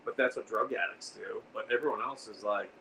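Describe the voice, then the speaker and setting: A man's voice: on the low side, brisk, vocal fry, pushed and bright. A man hosting a casual livestream, rambling and answering viewer comments as he reads them out. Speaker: livestream host. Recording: distant mic with faint background noise.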